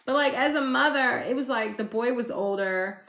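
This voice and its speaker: Loud, chatty woman streaming live. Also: fairly high pitch, normal speed. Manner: loud, chatty, laughs often while telling stories. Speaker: astrology livestream host. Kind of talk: casual live-stream chat. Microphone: phone. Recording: roomy echo.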